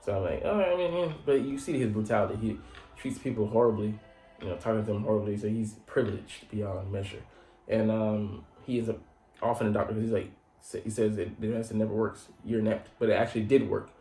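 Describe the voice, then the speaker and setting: A man's voice: fairly low pitch, steady tone, fast talker, warm tone. A man casually recapping an anime episode as a channel host, rambling and profane with lots of fillers. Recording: echoey room with faint music.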